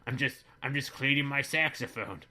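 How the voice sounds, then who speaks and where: A man's voice: moderate pace, pushed and bright. A man putting on a whiny pleading teenage boy. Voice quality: high, pleading whine.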